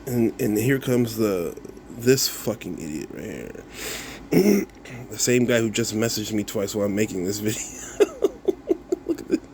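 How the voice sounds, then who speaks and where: A man's voice: fairly low pitch, very animated, a little slow, darkish tone, a little hiss or hum. A content creator, a man, replying to viewer comments in a casual rant, mocking and swearing, breaking into laughs and repeating himself.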